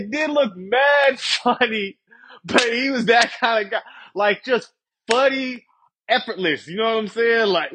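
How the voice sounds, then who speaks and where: With an extremely high-pitched, sharp voice, a young podcaster tells a wandering, foul-mouthed story, laughing often. He keeps turning to his listeners with "you feel me" throughout the casual monologue, and a little hiss or hum sits under the audio.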